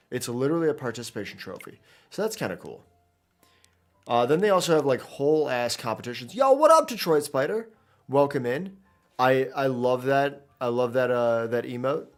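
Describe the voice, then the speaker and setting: A man streaming a video game, talking casually and rambling with lots of fillers and restarts as he plays. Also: medium pitch. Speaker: gaming streamer. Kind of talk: casual live gameplay commentary.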